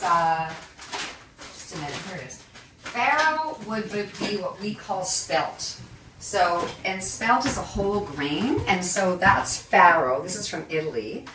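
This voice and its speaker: A woman hosting a live cooking demonstration in her home kitchen, chatty and animated, full of self-deprecating asides. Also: mid-range voice, noisy background. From Canada. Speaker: cooking show host. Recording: echoey kitchen, mic at a distance.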